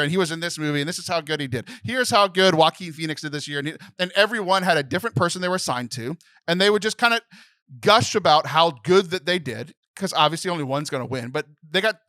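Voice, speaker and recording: A man's voice: a little high, sharp tone, no echo. A young man co-hosting a podcast in casual chat, emotional and close to tears, rambling with many restarts. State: tearful. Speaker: podcast co-host.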